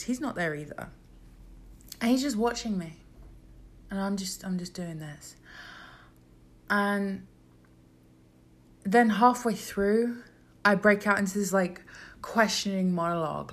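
A young woman telling a story to camera in a casual, animated way, swearing freely and acting out the voices in it. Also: vocal fry. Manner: acts out quoted voices with big pitch jumps. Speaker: vlogger.

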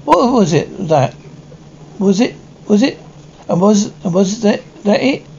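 A man reading the part of a sympathetic aunt consoling a grieving woman, gentle and soothing. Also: high-pitched, lively intonation, measured pace, gravelly, pitched above the performer's own voice, heavily acted. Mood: eager. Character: sympathetic middle-aged aunt visiting the bereaved. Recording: dull, slightly noisy recording.

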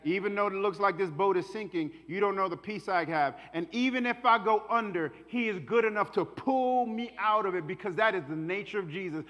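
A male pastor with a fairly high voice preaches with fervor and street-level warmth of phrase. His voice carries a long church-hall echo. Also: brisk. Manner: passionate, colloquial preaching. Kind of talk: sermon.

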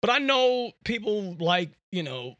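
A male podcast host tells a rambling story in a casual, slangy way, often repeating himself mid-sentence. His voice sits high and swings widely in pitch, with a bright, forward tone. The sound is close and dry. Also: unhurried, dry recording, muffled recording. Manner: animated, slangy, repeats words.

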